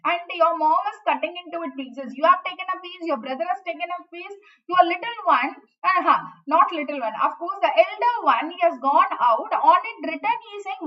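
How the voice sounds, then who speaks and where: Indian English woman, lively lecturer, high voice, dull slightly distant recording, engaging. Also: fairly quick. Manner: animated, asks students questions. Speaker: history teacher. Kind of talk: online exam-prep lecture.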